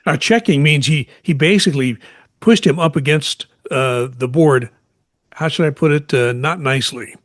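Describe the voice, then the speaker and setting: A man's voice: fairly high pitch, moderate pace, no room sound. Man with a dry, close voice, telling stories. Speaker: podcast co-host, former radio talk host. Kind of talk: casual chat.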